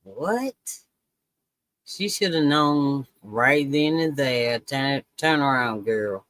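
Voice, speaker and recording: Slow, drawling woman co-host. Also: rumbling low, animated, a bit bright, no echo. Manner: drawling, says "girl" and "y'all". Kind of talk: casual chat.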